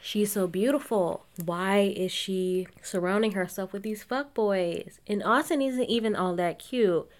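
A woman's voice: medium pitch, measured pace, hardly any pauses. A woman hosting a podcast, chatting candidly about reality TV gossip and laughing often, recorded while lying on a futon at home. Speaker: podcast host. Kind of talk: casual gossip and episode recap.

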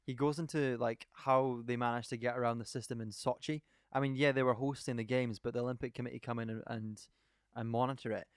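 A man's voice: mid-range voice, fairly even intonation, fast talker, hardly any pauses, clean tone, no room sound, clean studio sound. A man co-hosting a podcast, enthusiastically retelling a documentary in casual chat, rambling from point to point. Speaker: podcast co-host.

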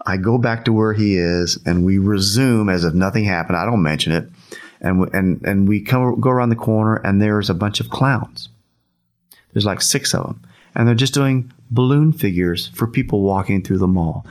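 Man, lowish voice, casual storyteller, chuckles a lot, animated retelling. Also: moderate pace. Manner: laughs often while telling, repeats himself, acts out quotes. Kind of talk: casual anecdote telling.

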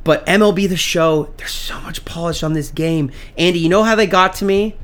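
Young man, slightly higher voice, casual comedic banter, swears a lot, playful exaggeration. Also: fairly quick, a bit bright. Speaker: podcast co-host.

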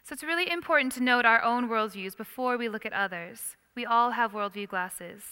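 A woman lectures to a class in a lively, engaging way, stopping often to put questions to her listeners. Her voice sits a little high and is crisp and smooth, with a bright edge. A long reverb trails each phrase, as in a large hall. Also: a little fast. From United States. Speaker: Christian teacher.

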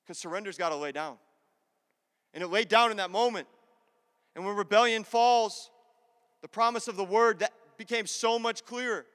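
A man's voice: high voice, moderate pace, pauses often, fairly bright tone, clean tone. A man preaching a sermon with passion, repeating lines and acting out prayers in his own voice. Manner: impassioned, repetitive preaching with acted-out prayers. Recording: long hall reverb.

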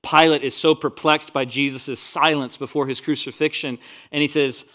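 A man's voice: a little high, steady tone, moderate pace. Man preaching with rising intensity. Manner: dynamic preaching, rising loud on scripture, dropping soft on asides. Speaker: pastor. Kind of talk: sermon.

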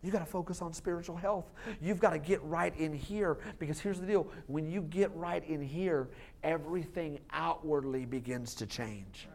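A man preaching a sermon as lead pastor, animated and joking, acting out little voices and laughing along. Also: on the high side, moderate pace, few pauses.

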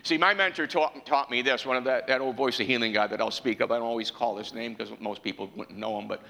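A man delivers a sermon in a church, his voice gravelly and bright, pressing the congregation with repeated questions as he builds to an impassioned pitch. The sound carries a long reverb from the hall. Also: quick pace. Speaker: preacher.

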